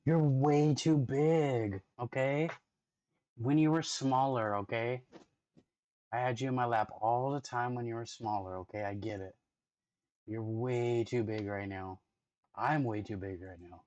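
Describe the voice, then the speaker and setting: A man's voice: medium pitch, fairly even intonation, measured pace, darkish tone, muffled recording. A man streaming and reacting to videos, talking loosely with lots of 'like' and 'dude'. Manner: loose slangy talk with constant 'like' and 'dude'; chatty, talks playfully to his dog. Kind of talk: casual reaction stream chat.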